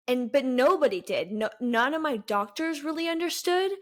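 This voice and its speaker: A vlogger in her twenties shares a personal story candidly, speaking earnestly and haltingly with pauses. Her voice sits a little high.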